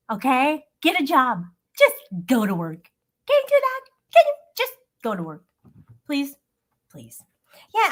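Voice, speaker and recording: A woman's voice: fairly high pitch, pushed and bright. A woman hosting a casual live stream, teasing her chat, giggling often and swearing freely. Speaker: livestream host.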